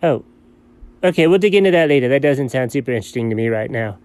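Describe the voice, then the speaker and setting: A man playing a scatterbrained, excitable male buddy in comedy banter, jumping between low mumbles and sudden high yelps. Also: quick pace, natural voice. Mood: goofy. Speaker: co-host.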